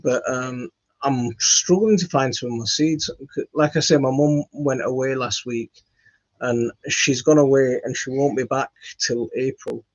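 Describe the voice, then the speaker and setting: A man's voice: mid-range voice, steady tone, a little slow. A man chatting casually to camera as the host of a home gardening channel, rambling and self-deprecating with many fillers and restarts. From West Yorkshire, England. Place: home studio, indoors. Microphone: phone. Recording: dull lo-fi phone audio.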